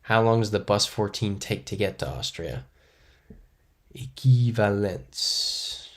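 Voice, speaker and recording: Here a man with a somewhat low voice speaks at an even, moderate pace. He's live-streaming a geography guessing game, musing aloud, reading and answering chat, and teasing himself along the way.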